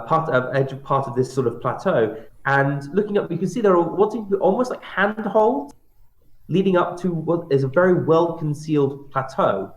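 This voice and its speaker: A man narrating a tabletop role-playing game as game master, halting and full of fillers. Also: fairly high pitch. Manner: hesitant, filler-heavy narration. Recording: roomy echo.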